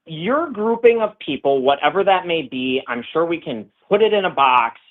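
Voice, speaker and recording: Argumentative man, lively up-and-down delivery, heard over a tinny phone-like line. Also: a little high, moderate pace. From Minnesota. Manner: dismissive, argumentative. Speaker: debate opponent. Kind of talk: heated debate.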